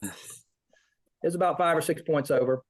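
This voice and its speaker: A man's voice: fairly high pitch, moderate pace, low-quality recording. A man, a veteran, telling a rambling story in an interview, acting out the voices of people he quotes. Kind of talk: casual storytelling.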